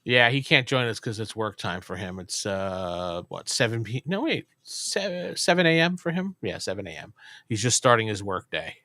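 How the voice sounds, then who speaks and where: Laid-back male stream host, bright voice. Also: fairly low pitch, sing-song, moderate pace, no echo. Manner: laid-back, trailing off with ums. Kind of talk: casual live stream chat.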